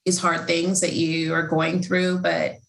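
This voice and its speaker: A woman's voice: fairly low pitch, level tone, unhurried, gravelly, echoey room, rough recording. A woman, an author, talking casually and heartfelt about faith, rambling with many fillers and restarts. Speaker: Christian author and podcast host.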